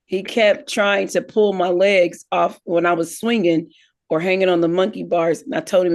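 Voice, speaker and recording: A woman's voice: on the low side, fairly even intonation, moderate pace. A woman, co-hosting a casual family chat and acting out dialogue as she tells a childhood story. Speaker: podcast co-host.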